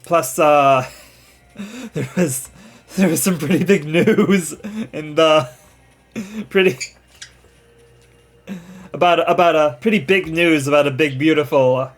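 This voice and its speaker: A man's voice: fairly high pitch, slow, long pauses. A man giving casual gameplay commentary as a let's play streamer, chatty and laughing often.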